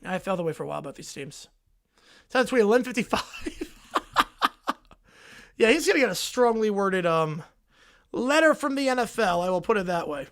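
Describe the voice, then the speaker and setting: A young man with a fairly high voice runs a live football reaction stream from his home desk. He reads viewer messages aloud, excitable and rambling, as he talks into his desk mic. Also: a little fast, vocal fry, pauses often. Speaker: livestream host reacting to football. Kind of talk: live stream chat reading donations. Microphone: desk mic with headphones.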